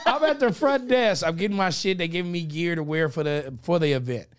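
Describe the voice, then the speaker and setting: A man hosting a casual chat, telling a profane, animated story and mimicking his friends. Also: fairly high pitch, fairly quick.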